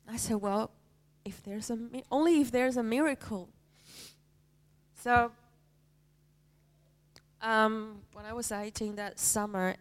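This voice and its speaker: Slow, halting woman sharing a testimony. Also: medium pitch, vocal fry. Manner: halting, heartfelt, with many pauses and fillers. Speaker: church member sharing a testimony. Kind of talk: personal faith testimony.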